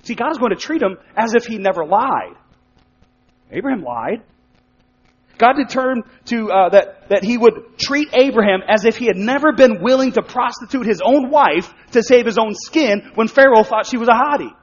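A man preaching a sermon in a conversational way, acting out quick spoken asides. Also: very high-pitched, animated, husky. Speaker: pastor. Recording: dull sound with long hall reverb.

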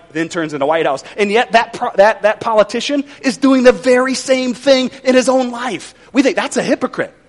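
A male pastor preaching a sermon in a conversational, folksy way with wry humor. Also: high voice.

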